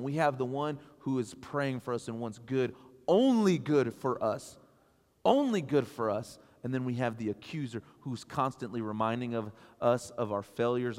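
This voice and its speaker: A man in his thirties preaching a sermon, swinging between animated, loud passages and soft, quiet storytelling. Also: mid-range voice. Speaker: pastor. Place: church sanctuary. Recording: long hall reverb.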